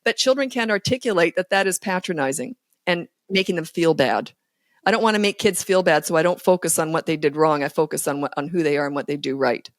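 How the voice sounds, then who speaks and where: A woman's voice: low-pitched, brisk, no room sound. Parenting coach lady on a podcast, blunt and emphatic, dead sure of herself, dry mic. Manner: blunt, emphatic and self-assured. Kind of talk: casual conversational interview.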